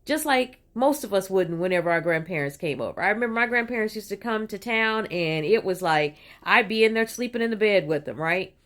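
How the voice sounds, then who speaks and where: A woman's voice: medium pitch, a little fast, hardly any pauses. Chatty woman telling a story. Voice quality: animated, puts on voices when quoting people. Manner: chatty, digressive, frequent "you know" and "right?". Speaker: vlogger. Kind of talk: casual storytelling monologue.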